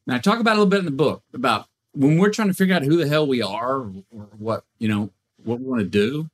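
A man guesting on a podcast, talking in a folksy, drawn-out, reflective way. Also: medium pitch, expressive. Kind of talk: casual chat.

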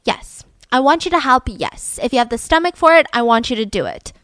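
A woman's voice: high voice, sing-song, brisk, fairly bright tone, no echo. A woman doing a manipulative, controlling father. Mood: insistent. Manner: insistent, coaxing, urgent.

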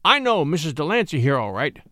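A man voicing a blustering small-town deputy in a story reading, gruff at first and easily cowed. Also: fairly high pitch, sing-song, a little fast, bright, forceful tone, dry recording, clean studio sound. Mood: insistent. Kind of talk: audiobook character voice.

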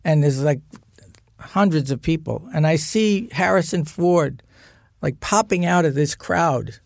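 An older man, an actor guest in a podcast studio, telling lively anecdotes in casual chat and acting out the voices of the people he quotes. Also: on the high side, a little slow, creaky, no echo.

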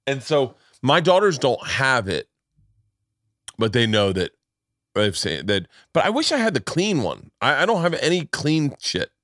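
A man's voice: mid-range voice, sing-song, a little slow, fairly bright tone, dry recording, clean studio sound. A middle-aged man hosting a podcast, telling stories with lots of stammering restarts and laughs. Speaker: podcast host. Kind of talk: casual podcast chat.

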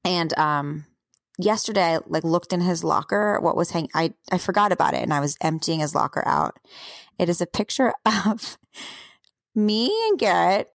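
A woman in her thirties with a gravelly, fry-heavy voice, telling a chatty story about her son on a parenting podcast. She talks in quick, loose bursts, and the sound is dry and close. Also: fairly low pitch, dry recording. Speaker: podcast co-host. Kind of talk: casual chat.

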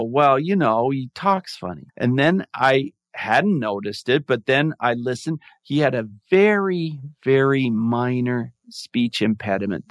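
A man's voice: mid-range voice, dry recording. A man speaks as an interview guest, sincere and reflective as he tells a story from his teaching days. He often restarts a phrase before carrying on. His voice sits in a middle range and sounds dry and close. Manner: earnest, reflective, with frequent restarts. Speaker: guest, former music teacher.

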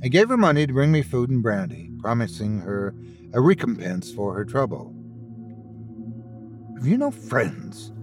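A man hosting and narrating a classic ghost story in a dramatic, expressive reading. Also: medium pitch, fairly quick, soft background music. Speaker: host and storyteller.

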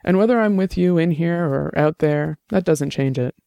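A patient young man talks his partner through her fear, steady and reassuring with a light joking touch, as a man acts him out. His voice is a bit high yet mellow and gravelly, recorded close and dry. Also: normal speed, dry recording. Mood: tender, reassuring.

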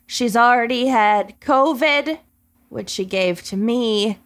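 A woman's voice: a little high, slow, a bit bright. A woman, co-hosting a podcast in a chatty, stop-and-start way with frequent laughter. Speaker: podcast co-host. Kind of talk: casual chat.

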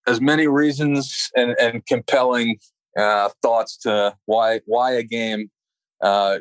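A man, a guest handicapper on a podcast, talking in a relaxed, halting way with many fillers. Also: lowish voice, no echo, rough recording. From New York. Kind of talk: casual interview chat.

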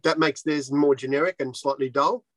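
A man's voice: mid-range voice, steady tone, normal speed, fairly bright tone, dry recording, poor audio. A man who designs surfboards, talking bluntly and swearing freely in a casual interview. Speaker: surfboard shaper.

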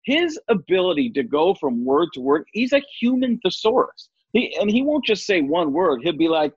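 A male comedian chatting in an interview, animated and slipping in and out of voices. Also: high voice, normal speed, few pauses, breathy edge, no echo. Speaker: comedian guest. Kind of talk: casual interview chat. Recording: dull lo-fi dry sound.

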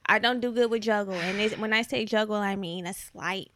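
A young woman, co-hosting a casual podcast and telling a dating story with lively swearing. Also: mid-range voice, brisk. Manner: animated storytelling, swears freely. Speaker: podcast co-host.

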